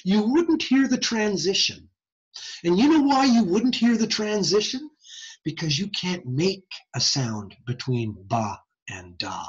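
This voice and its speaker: Speaking a little slowly in a high voice, a man gives a jokey, conversational lecture about hearing science. It's a lively, informal talk, recorded through screen share with lo-fi sound.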